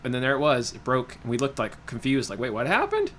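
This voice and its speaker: A man's voice: mid-range voice, fairly even intonation, fast talker, a bit bright, a little hiss or hum. Young male streamer, casual rambling storyteller, mid-range voice. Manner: rambling, laughs often, many fillers and restarts. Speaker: livestream host. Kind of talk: casual chat while reading viewer comments.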